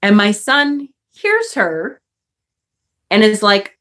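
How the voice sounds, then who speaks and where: A middle-aged woman casually telling a story on her vlog, animated and profane, jumping into high outraged bursts when she replays arguments. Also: slow. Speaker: vlogger. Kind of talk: casual storytelling vlog, reading live chat.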